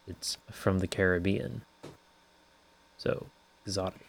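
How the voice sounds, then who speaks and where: A man's voice: sits low, fairly even intonation, takes it slowly, creaky, slight background noise. A man co-hosting a casual gear podcast, laid-back and easygoing, giving short replies. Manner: laid-back, brief replies, chuckles often. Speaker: podcast co-host. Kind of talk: casual chat about guitar gear.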